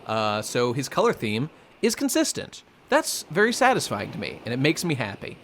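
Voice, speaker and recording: A man co-hosting a podcast, chatting casually and excitably about a manga chapter with playful asides. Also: medium pitch, moderate pace, a little hiss or hum. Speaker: podcast co-host.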